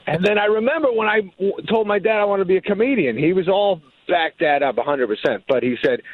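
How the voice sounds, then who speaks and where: A man's voice: mid-range voice, quick pace, no echo, phone-quality sound. A middle-aged man with a New England accent, telling stories in casual chat and putting on his parents' voices. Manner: animated storyteller, does voices of his parents. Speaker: guest.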